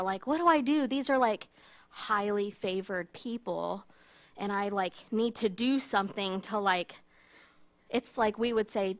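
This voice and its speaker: A woman telling a Bible story in a casual, animated way, full of fillers and asides, as a teacher. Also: medium pitch, unhurried. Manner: chatty, animated, many fillers.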